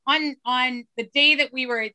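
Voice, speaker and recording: High bright lady cohost, teasing and loud about it. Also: fairly even intonation, normal speed, clear, resonant tone. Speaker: podcast co-host. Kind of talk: casual chat.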